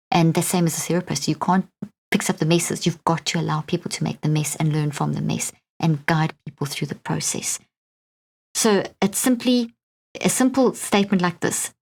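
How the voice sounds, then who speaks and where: A woman's voice: low voice, darkish tone. A middle-aged woman with a South African accent hosting a solo podcast, talking in an earnest, coaching way and often checking in with "okay?". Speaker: podcast host.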